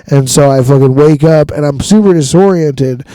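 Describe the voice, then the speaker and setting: A man's voice: on the high side, warm tone, dry recording, rough recording. Laughing, swearing man telling a story. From Washington state. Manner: profane, laughing often, drawn-out storytelling. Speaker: podcast host. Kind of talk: casual storytelling chat.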